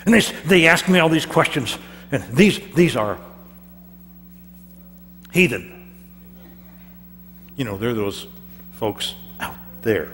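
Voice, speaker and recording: A man's voice: mid-range voice, big pitch swings, slow pace, long pauses, fairly bright tone. A man preaching a first-person character sermon in a church, telling the story in a theatrical, chatty way with stammered repeats. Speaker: pastor. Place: church hall. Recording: church hall reverb with faint hum.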